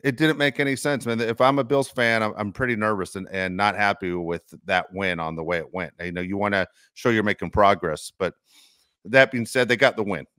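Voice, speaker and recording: A man's voice: lowish voice, a little fast, dry recording, studio quality. A man co-hosting a sports podcast, talking casually and acting out what fans would say. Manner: animated, acts out fans' voices. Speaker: podcast co-host.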